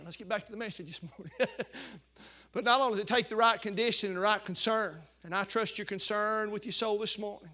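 A man preaching a fervent sermon, rising to shouts at its high points. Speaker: pastor.

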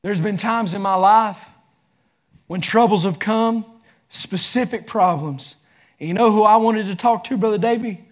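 High-voiced impassioned preacher man. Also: a little slow. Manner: impassioned, rising into shouts. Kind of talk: sermon.

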